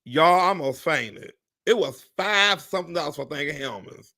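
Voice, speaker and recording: A man who works as a real estate agent, chatting casually to viewers on a live stream, animated and exclamatory, swearing and talking straight to "y'all". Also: fairly high pitch, moderate pace.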